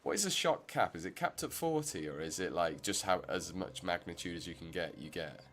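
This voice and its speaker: A man's voice: sits low, lively intonation, a little fast, fairly bright tone, a little hiss or hum. A man giving rambling, chatty commentary while streaming a game. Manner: rambling, self-interrupting, chatty. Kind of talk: casual gameplay commentary.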